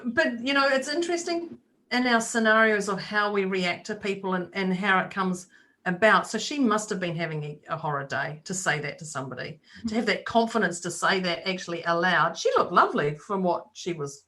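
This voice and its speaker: A woman co-hosts a talk podcast, chatting casually and briskly in a medium-pitched, fairly bright voice. As she tells her story, she acts out the voices of the people in it.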